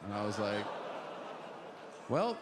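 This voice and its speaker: A male stand-up comedian telling a story on stage in a deadpan way, acting out the people he quotes. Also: on the low side, takes it slowly. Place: comedy stage before a live audience. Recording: live show with noisy audience ambience.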